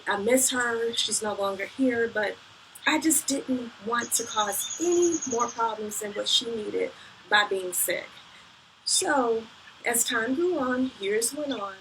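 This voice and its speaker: A woman's voice: fairly high pitch, creaky, fairly bright tone. A woman telling her personal story in an earnest, reflective way, often repeating phrases, as a motivational speaker. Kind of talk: personal testimony. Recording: distant mic with background noise.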